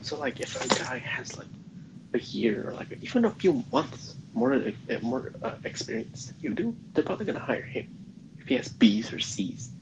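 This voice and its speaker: A teenage student in casual chat, blunt and opinionated, tripping over restarts as they go. The voice sits at a middling pitch. Clear background noise runs under the recording. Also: very animated, normal speed. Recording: noisy background.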